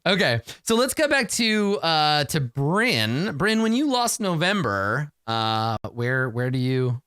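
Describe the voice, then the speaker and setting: A man's voice: a little high, big pitch swings, takes it slowly, a bit bright, clear, resonant tone, no room sound, studio quality. A man narrating as game master, rambling with fillers and restarts.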